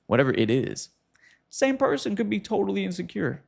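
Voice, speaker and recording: A man hosting a casual advice talk, speaking straight to the viewer with quick asides and acted-out examples. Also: sits high, very animated, vocal fry, darkish tone, breathy edge. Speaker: host.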